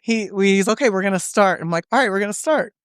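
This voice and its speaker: Fast and mid-range, her tone is clean, with clean studio sound and no room sound. She's a guest in a podcast studio, chatting through stories with lots of animation, free swearing, and quotes acted out in shifting voices.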